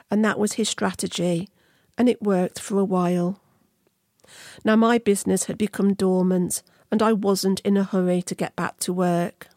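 Middle-aged woman reading her own story, calm and earnest, warm low-key tone, dry close mic. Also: no room sound. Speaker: podcast host. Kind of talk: scripted personal narration.

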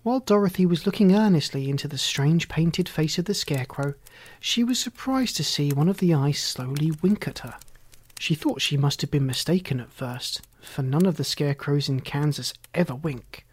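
Soft, half-whispered storybook reader. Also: mid-range voice, expressive, slightly rough. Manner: soft and hushed, often half-whispered, unhurried. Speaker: audiobook reader. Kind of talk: scripted story narration.

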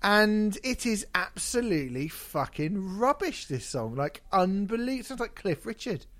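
Casual guy cohosting a podcast, swears a lot, lively voice, laughs a lot. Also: high-pitched, moderate pace. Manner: sweary, sarcastic, laughs often. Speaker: podcast co-host. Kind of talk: casual chat reviewing an album.

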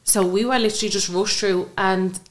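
A young Irish woman in her late twenties, a podcast guest rapidly and breathlessly retelling a painful personal story, quoting what people said to her. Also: medium pitch, fairly even intonation.

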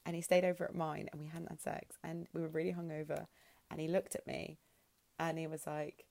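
Giggly woman with a gravelly voice. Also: deep voice, flat delivery, brisk, warm tone. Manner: frank, giggly storytelling. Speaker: podcast co-host. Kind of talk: casual chat.

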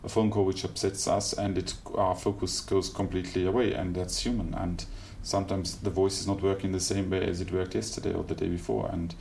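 Guest: German-accented man, very low gravelly voice, measured and reflective, light background hiss. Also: little pitch movement, a little mellow. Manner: thoughtful, searching for words with small restarts. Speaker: classical singer, guest. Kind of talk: reflective interview conversation. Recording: faint background noise.

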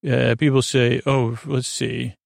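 Gravelly, flat-voiced man rambling softly. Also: medium pitch, a little slow, no room sound, clean studio sound. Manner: meandering, soft-spoken, full of filler words. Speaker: sleep podcast host. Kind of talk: rambling episode recap for sleep.

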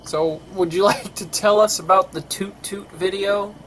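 A man's voice: high voice, fairly even intonation, measured pace, slight background noise, rough recording. A tired man hosting a podcast in casual chat, grumbling and swearing often. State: tired, yawning. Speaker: podcast host.

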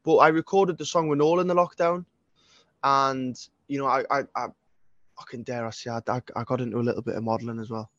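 A twenty-something singer-songwriter with a Geordie accent from North East England talks casually as a guest. He's sweary and rambling and keeps restarting. His mid-range voice is steady, brisk and fairly bright, captured in lo-fi sound without echo.

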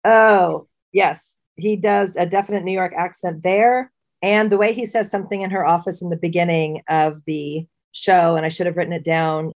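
A woman co-hosting a casual podcast chat, talking freely and often restarting her sentences. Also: on the low side. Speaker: podcast co-host. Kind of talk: casual chat and trivia quizzing.

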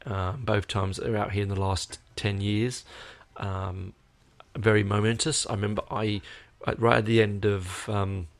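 Tired, gravelly Australian man rambling casually. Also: on the low side, little pitch movement, measured pace. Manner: rambling, hesitant, many fillers. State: tired, yawning. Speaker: podcast host. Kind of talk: casual chat to viewers.

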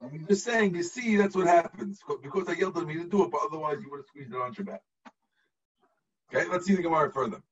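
A rabbi teaches his class over a video call, walking through the text step by step and checking that everyone follows. His voice sits high and husky. The sound is distant and muffled. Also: quick pace. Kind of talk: explaining a text to students.

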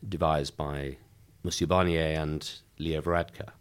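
A middle-aged man, a member of Parliament, giving a measured, emphatic political interview with frequent restarts. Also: a bass voice, fairly even intonation, clear, resonant tone.

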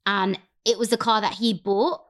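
A woman, telling a story in an animated, expressive way and swearing freely in casual chat. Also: medium pitch, moderate pace.

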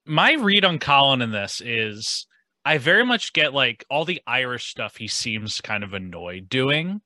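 Male podcast guest, sharp and bright, dry close mic, thoughtful and hedging in his delivery. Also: mid-range voice, very animated, measured pace, no echo, poor audio. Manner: hedging, thoughtful, heavy use of "like" and "kind of". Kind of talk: casual podcast discussion.

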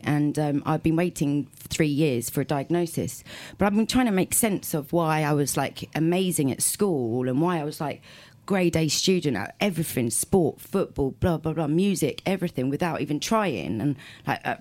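Low-pitched and a little mellow, a guest musician from South London, England, reminisces during a casual interview. She drifts between stories, laughs a lot, and often stops to restart what she's saying.

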